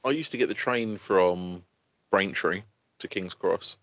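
A man's voice: deep voice, a little slow, fairly bright tone, dull audio. A man co-hosting a podcast in casual chat, teasing his friend and laughing often. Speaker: podcast co-host.

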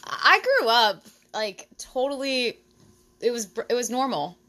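A woman's voice: a little high, very animated, unhurried, sharp tone. A woman hosting a podcast, chatting and joking with friends around a table and laughing often. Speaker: podcast host. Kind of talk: casual chat with friends.

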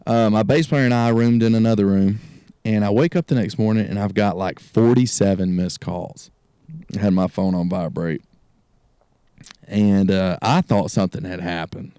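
A man's voice: on the low side, warm tone, dry recording, studio quality. A man, a country music artist, telling a road story as a guest in a casual chat, laughing often and acting out the voices of the people in it. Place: outdoor gazebo on a cold evening.

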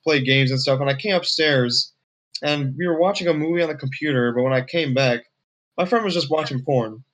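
Young man, podcast co-host, relaxed, storytelling, casual chat. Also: medium pitch, brisk, rough recording.

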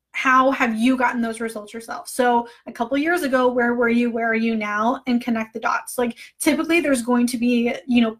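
Woman, online coach, casual training talk; chatty, emotional, fillers throughout, voice a touch high.

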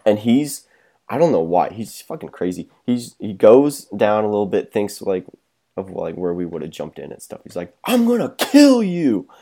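A man's voice: low voice, moderate pace, creaky, dark tone. A young man in casual podcast chat, rambling through a story with lots of swearing and laughter. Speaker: podcast co-host.

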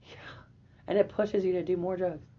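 A woman in her twenties, a podcast guest, telling a personal story in a lively, profane way and often laughing. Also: fairly low pitch, normal speed, breathy edge. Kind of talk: casual storytelling. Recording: dull lo-fi audio.

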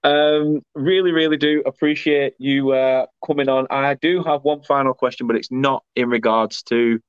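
A man's voice: medium pitch, fairly even intonation, normal speed, smooth, no room sound, dull audio. A man hosting a casual talk show, chatty, laughing often and reading comments aloud. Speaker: podcast host reading viewer comments. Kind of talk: casual chat.

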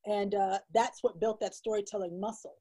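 A woman's voice: medium pitch, steady tone, normal speed, warm tone, poor audio. A woman speaking as an illustrator and storyteller guest in an interview, talking with heartfelt emphasis and repeating phrases for stress.

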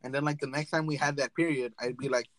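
A man's voice: medium pitch, steady tone, fast, no room sound, rough recording. Young man telling stories, dry close sound. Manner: storytelling, swears freely, laughs often. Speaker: podcast host. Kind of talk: casual chat.

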